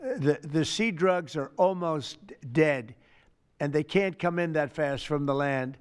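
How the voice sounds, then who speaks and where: A man's voice: fairly high pitch, unhurried, clean tone. An older man answering reporters' questions off the cuff at a press event, rambling and repeating himself with boastful asides.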